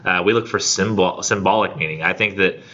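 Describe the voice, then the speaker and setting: A man teaching a college English class, reading poetry aloud and then paraphrasing it in a casual, animated way full of fillers. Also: low voice, a little fast, highs cut off.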